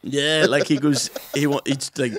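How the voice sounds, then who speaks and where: A man's voice: mid-range voice, steady tone, normal speed, fairly bright tone. A young man co-hosting a podcast in casual, sweary chat, acting out people in his stories. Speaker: podcast co-host.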